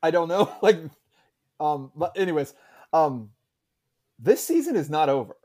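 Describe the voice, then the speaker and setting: A man's voice: fairly high pitch, big pitch swings, unhurried, a little mellow. A man co-hosting a casual sports talk show, rambling with many fillers and restarts. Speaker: podcast co-host.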